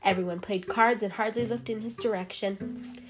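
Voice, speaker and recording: A woman reads a children's animal story aloud in a lively, expressive storyteller's voice. Her pitch sits in an ordinary middle range. Music plays clearly underneath her reading. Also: moderate pace. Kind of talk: storybook narration.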